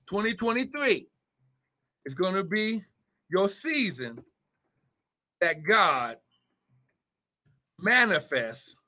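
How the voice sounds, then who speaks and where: A male preacher delivers a livestreamed sermon with a high, bright, forceful voice. He preaches fervently, breaking into exclamations and repeating key phrases. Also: very animated, takes it slowly, long pauses.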